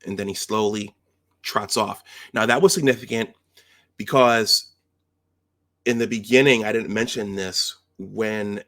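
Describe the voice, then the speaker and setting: Brief: male film commentator, lowish gravelly voice, chatty and repetitive. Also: steady tone, a little slow, a bit bright. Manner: conversational, with frequent restarts and rhetorical checks. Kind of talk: casual retelling of film scenes.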